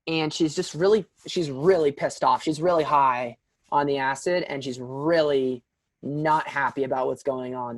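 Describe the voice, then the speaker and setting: Casual and animated, a young man recounts a story as a guest on a podcast, using lots of fillers and "like". His voice is a little high, and the recording has no room sound.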